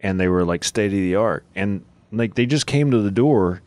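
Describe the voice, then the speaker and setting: A man hosting a Catholic talk show, chatting casually and telling stories with quick impressions and frequent laughs. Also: on the low side, darkish tone, no room sound. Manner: laughs often, storytelling with quick voiced impressions. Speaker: host.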